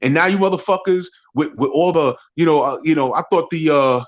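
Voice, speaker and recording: A man hosting a barbershop talk show, ranting profanely and mocking his critics in a rambling, loud way. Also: a little high, brisk. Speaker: podcast host. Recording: dull lo-fi audio.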